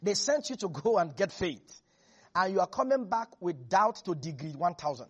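A preacher delivering a lively sermon, laughing and acting out Bible characters. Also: mid-range voice, normal speed, husky, dull audio.

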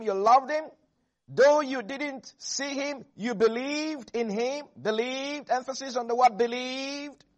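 High-voiced man preaching a fervent sermon. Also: a bit bright, muffled recording. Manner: emphatic preaching with call-and-response to the congregation; reads scripture aloud in a measured cadence.

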